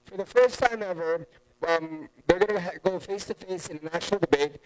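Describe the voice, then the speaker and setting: Energetic male emcee at a live event. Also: sits high, normal speed, low-quality recording. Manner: energetic, playful hype. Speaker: event host. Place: hotel function hall with a live audience. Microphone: handheld microphone.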